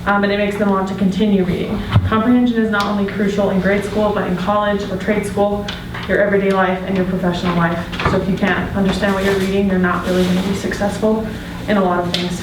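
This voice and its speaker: A woman presents to a class in a flat, level voice, stepping through prepared points with frequent ums. She is heard from a distance in a very echoey room with clear noise behind. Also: mid-range voice, fast. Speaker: education student presenting.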